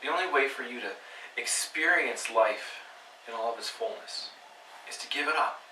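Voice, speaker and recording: A man's voice: mid-range voice, moderate pace, sharp tone. Man preaching in a church, earnest, pushes hard on the repeats, echoey room, faint hiss. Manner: earnest, pleading, builds to emphatic repeated lines. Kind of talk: sermon. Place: church hall. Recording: roomy church sound from a distant mic.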